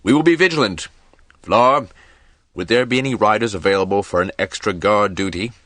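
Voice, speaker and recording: A man's voice: fairly low pitch, brisk, fairly bright tone, no room sound, voice pushed up, natural voice. A man voicing a doleful middle-aged craft master. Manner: heavy, doleful.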